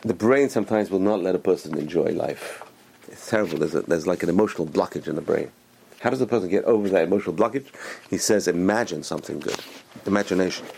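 Fast, gravelly man giving an emphatic talk. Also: sits low, a little mellow, slight background noise. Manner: emphatic, repeats phrases, frequent restarts. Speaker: religious speaker. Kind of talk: motivational religious talk.

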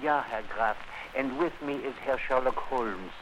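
A man's voice: mid-range voice, a little slow, noisy background, natural voice. A man playing an old, faithful German servant with a German accent, formal and deferential, in 1940s radio acting style.

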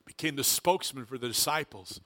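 A man preaching a sermon as a pastor, emphatic, building up in pitch and loudness for emphasis, with frequent restarts. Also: lively intonation, fairly quick.

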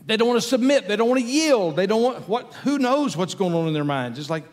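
A man's voice: high-pitched, expressive, fairly quick. A man preaching a sermon in a conversational way, repeating his key phrases for emphasis. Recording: long hall reverb with faint music.

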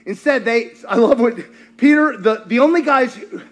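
A male pastor preaching a sermon in a lively, joking way, acting out scenes as he goes. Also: very high voice, moderate pace. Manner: animated, joking, acts out scenes.

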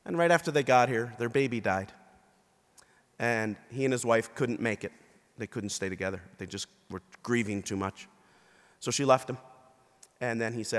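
Male bishop, mid-pitched, giving a story-driven sermon in a church with a long reverb. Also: normal speed, pauses often. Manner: storytelling, acting out quoted people. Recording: long reverb of a large hall.

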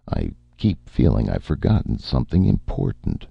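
A befuddled, tipsy robot in an audiobook, with slow, thick, slurring speech, as a male narrator puts it on. The voice sits very low and gravelly, on a dull, muffled recording. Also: wildly swooping pitch, no room sound, heavily acted. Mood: muddled.

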